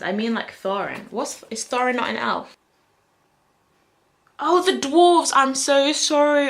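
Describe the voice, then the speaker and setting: A young woman talks to camera in a loose, rambling vlog voice, full of fillers and quick self-corrections. Her voice sits a little low. She swings playfully between excited bursts and hushed asides. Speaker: book vlogger. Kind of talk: casual chatty predictions to camera.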